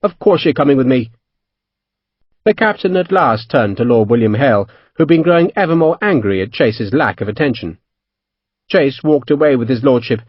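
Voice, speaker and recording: A man narrating an audiobook in a steady storytelling manner. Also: medium pitch, no echo, highs cut off. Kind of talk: scripted narration.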